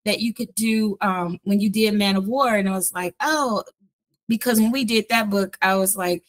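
A woman's voice: mid-range voice, fairly even intonation, moderate pace. A woman hosting a podcast interview, chatting casually, laughing often and acting out quoted conversations. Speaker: audiobook producer and podcast host.

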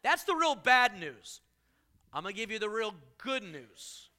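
This preacher has a high, very bright voice that rings out over the congregation. His delivery is animated and jokey, and he leans hard into loud bursts when he drives a point home. It sounds like a church sermon, loose and conversational between the big moments. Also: measured pace. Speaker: pastor.

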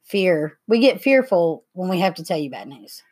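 A woman's voice: lowish voice, very animated, moderate pace, a little mellow, breathy edge. A woman co-hosting a casual chat, adding dry, wry quips. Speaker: co-host.

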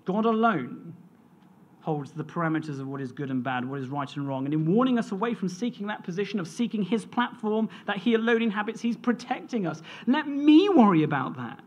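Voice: mid-range voice, animated, a little fast. A preacher delivering a sermon in an earnest, storytelling manner, reading scripture and sharing a family anecdote.

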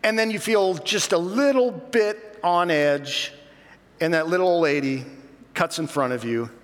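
Animated preacher man in an echoey hall. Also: on the high side, unhurried. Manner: storytelling, self-mocking, animated. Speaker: pastor. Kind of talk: sermon.

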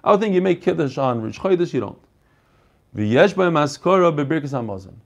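A man teaching an online Talmud class over a video call, animated and quizzing his students. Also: fairly high pitch, a little fast, creaky, muffled recording. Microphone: computer mic on a video call.

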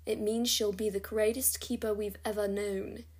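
A woman's voice: mid-range voice, little pitch movement, normal speed, a little mellow, close to an everyday voice. A woman voicing a kindly elf leader man with a put-on accent that slips at times.

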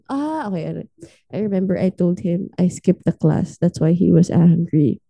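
A woman's voice: fairly low pitch, expressive, moderate pace, gravelly, dark tone, breathy edge, dry recording. A young Filipina woman with a Filipino accent, casually telling a story on a podcast and acting out the quoted lines with animation. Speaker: podcast co-host.

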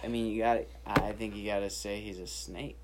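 A man's voice: lowish voice, steady tone, fairly quick, heavy background noise. A man co-hosting a casual chat, laid-back and repeating words as he gets going. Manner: laid-back, repeats himself when starting a thought. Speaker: podcast co-host.

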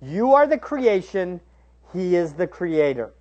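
A man preaching a sermon as pastor, shifting between hushed asides and raised, emphatic questions to the congregation. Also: high-pitched, sing-song, measured pace, highs cut off. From United States. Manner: rhetorical tag questions to the congregation.

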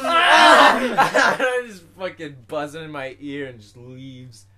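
A young man co-hosting a casual podcast, telling a rambling dream story with lots of swearing and sudden loud yells. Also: high-pitched, very slow, a crowd in the background. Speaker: podcast co-host. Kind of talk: casual chat.

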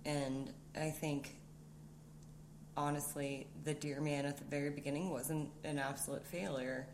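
A woman with a very low voice asks questions and chimes in with quick agreement in a casual chat. A faint hiss sits under her voice. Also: fairly even intonation. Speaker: podcast co-host. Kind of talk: casual conversation.

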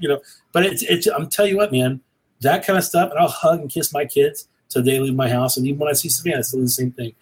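Husky earnest middle-aged man. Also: mid-range voice, quick pace, poor audio. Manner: earnest, rambling, preachy. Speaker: cigar show guest. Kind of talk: casual conversation.

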